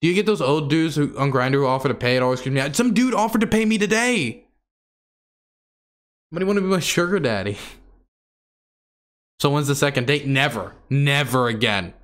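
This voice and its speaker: A man's voice: on the high side, fairly quick, long pauses. A man telling a story to his stream audience in a candid, exasperated, rambling way full of fillers.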